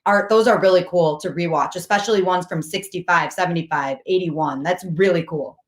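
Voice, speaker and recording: A woman's voice: fairly low pitch, fairly quick. Woman, sports show host, upbeat, promotional, mid-range voice. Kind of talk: casual sports talk.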